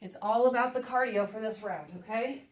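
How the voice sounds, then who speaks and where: A higher-pitched woman leads a workout while exercising along, chatty and encouraging as she counts down the reps. She sounds a fair way from the mic, in an echoey room at home. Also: fairly quick, far from the mic. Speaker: fitness instructor.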